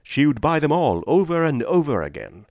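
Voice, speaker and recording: A man reading a reserved young gentleman with mild, gently teasing speech. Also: on the high side, big pitch swings, normal speed, dry recording, clean studio sound, voice pushed up. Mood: wry.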